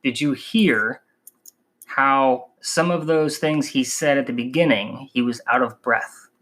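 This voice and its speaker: A man from the northern United States hosting a podcast, telling the story in an animated, emphatic way. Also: medium pitch, a little slow. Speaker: podcast host. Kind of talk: podcast narration.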